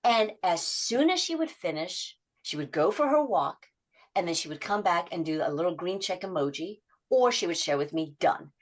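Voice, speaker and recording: Speaking at normal speed in a voice on the low side, a middle-aged woman habit coach is interviewed for a podcast. She relates client stories and acts out what they said with lively voice changes.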